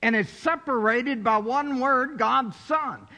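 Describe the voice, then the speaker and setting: A man's voice: extremely high pitch, slow, pushed and bright. A man preaching a sermon in a church, building to emphatic, rising exhortations. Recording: dull sound in a reverberant hall.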